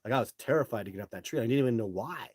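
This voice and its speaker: A middle-aged man hosting a live show, telling his own stories casually and answering viewer questions in an animated way, with some swearing. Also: medium pitch, racing, slightly rough, dry recording.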